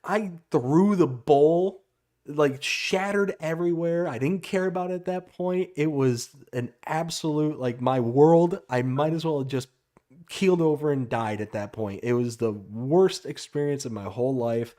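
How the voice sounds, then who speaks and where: A man's voice: on the high side, normal speed, darkish tone. Man from Florida telling a dramatic story. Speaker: guest. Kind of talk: casual storytelling chat.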